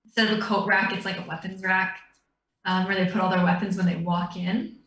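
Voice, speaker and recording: A woman's voice: mid-range voice, little pitch movement, brisk, a bit bright. A woman narrating a tabletop game as dungeon master, describing scenes in a meandering way. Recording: roomy, distant mic.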